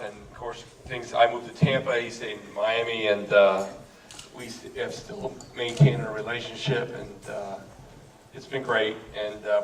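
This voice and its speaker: Man, sincere party toast, mid-pitched, distant mic, background noise. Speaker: party speaker honoring a friend. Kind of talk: casual speech.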